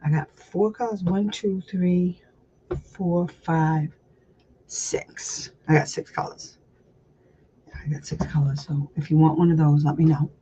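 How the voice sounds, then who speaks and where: A woman's voice: deep voice, steady tone, a little slow, dark tone, slightly rough. Chatty, blunt woman on a dull lo-fi recording. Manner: chatty and rambling, laughs often, blunt and salty. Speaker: special education advocate host. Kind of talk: casual livestream teaching chat. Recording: slightly dull lo-fi sound.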